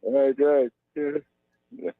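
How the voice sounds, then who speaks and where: A Trinidadian man calling in to a radio show, giving rambling, affectionate shout-outs and repeating his words. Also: medium pitch, steady tone, takes it slowly, dry recording. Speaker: radio caller. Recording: tinny phone line.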